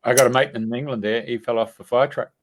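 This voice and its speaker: A man's voice: mid-range voice, fairly even intonation, quick pace. A man hosting an interview, chatting in short, conversational remarks. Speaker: podcast host. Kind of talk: casual interview chat.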